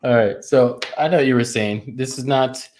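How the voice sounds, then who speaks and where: A man co-hosting a casual livestream with his wife, playful and quick to laugh, with casual swearing. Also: medium pitch, darkish tone. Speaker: co-host. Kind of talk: casual couple's livestream talk.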